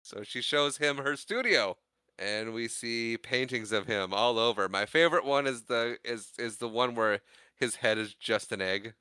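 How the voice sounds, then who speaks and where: Podcast co-host, male, bright crisp voice, dry close mic, chatty movie recap with quick put-on voices for characters. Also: mid-range voice, dry recording. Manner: acts out characters' lines in exaggerated voices while recapping. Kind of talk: casual movie recap chat.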